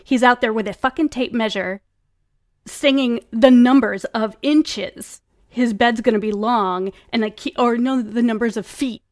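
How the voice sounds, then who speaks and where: A woman's voice: fairly high pitch, measured pace, a little mellow. A woman singer guesting on a podcast, chatting casually with lots of swearing and filler words. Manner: profane, enthusiastic, full of fillers. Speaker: singer and performer.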